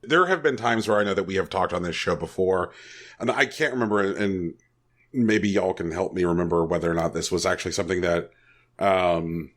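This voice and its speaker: A man's voice: low voice, brisk, a bit bright. A man co-hosting a podcast, rambling a bit as he searches for his words. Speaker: podcast co-host. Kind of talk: casual podcast chat.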